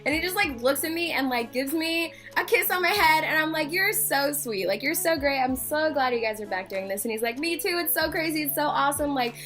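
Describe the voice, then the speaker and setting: A woman's voice: high voice, lively intonation, brisk, hardly any pauses, a bit bright, faint music behind. A young woman telling a story casually, full of "like" and acted-out quotes. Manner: chatty, fillers of "like", acts out quotes. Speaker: vlogger.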